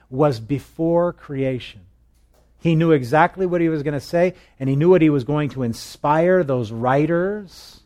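A man's voice: fairly high pitch, darkish tone. Chatty male Bible teacher. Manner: chatty, asks the listeners questions, tells jokes.

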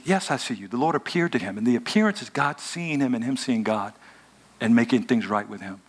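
A man preaching a lively, joking sermon in casual everyday speech and talking back and forth with a live audience. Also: medium pitch, a little fast. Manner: animated, joking, colloquial, talks with the audience. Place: hotel event room before a live audience.

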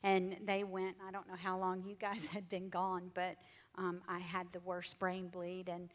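A woman's voice: lowish voice, monotone, measured pace. A woman sharing her faith testimony with an audience, speaking earnestly and from the heart, sometimes dropping almost to a whisper. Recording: long hall reverb.

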